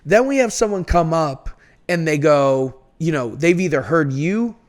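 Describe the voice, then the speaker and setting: A man with a Boston accent, a podcast guest telling stories in an animated, laughing way. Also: on the high side, a little slow. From North Shore of Massachusetts. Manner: animated storyteller, laughs easily. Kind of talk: casual chat.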